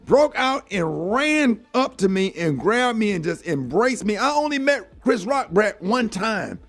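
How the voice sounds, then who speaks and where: A man's voice: sits high, very animated, measured pace, faint music behind. A middle-aged man hosting a morning radio show, telling a heartfelt story in an earnest way and saying "man" often. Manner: earnest, heartfelt, fills talk with "man" and "you know".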